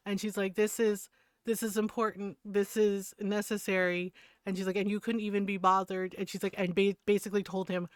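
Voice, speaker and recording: Profane, animated woman streamer, crisp voice. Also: medium pitch, dry recording, clean studio sound. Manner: animated retelling, profane, laughs often. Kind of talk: casual chat.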